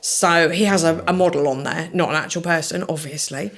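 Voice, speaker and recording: Casting: middle-aged woman, podcast guest, lively storyteller, slightly low voice. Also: fairly quick. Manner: chatty, enthusiastic storyteller. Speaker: podcast guest, social media marketer. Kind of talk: casual chat.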